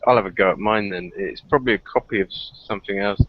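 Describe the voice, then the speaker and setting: A man's voice: fairly low pitch, fast talker, few pauses, highs cut off. A man, trading jokes and teasing banter in a casual chat. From England.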